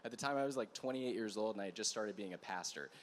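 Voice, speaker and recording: A man preaching as a pastor at a church gathering, telling a story in a conversational, animated way with asides to the room. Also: lowish voice, quick pace, slight background noise. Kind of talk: storytelling sermon.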